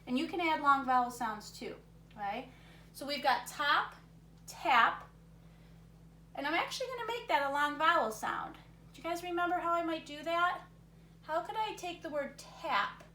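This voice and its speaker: A woman's voice: sits high, pushed and bright. A woman teacher talking young students through a word game, encouraging them and thinking aloud as she goes. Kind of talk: recorded reading lesson for young students. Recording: roomy sound from a distance, faint noise.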